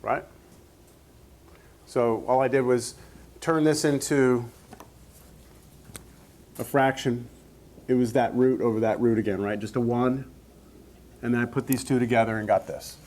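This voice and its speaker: A man's voice: medium pitch, steady tone, unhurried, long pauses, a little mellow. A man teaching a math class, explaining each step and checking in with the students. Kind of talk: classroom lecture.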